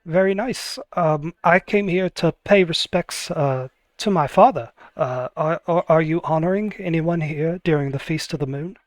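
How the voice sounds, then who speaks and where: A man's voice: fairly high pitch, normal speed, few pauses, no room sound, close to an everyday voice. A man voicing a gracious, grieving noblewoman artificer who speaks politely and hesitantly.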